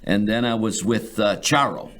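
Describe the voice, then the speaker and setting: An older man, a musician, reminiscing on a talk show in a rambling, halting way. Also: fairly low pitch, fairly bright tone. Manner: rambling, halting, full of restarts. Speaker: guest, musician. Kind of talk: reminiscing chat.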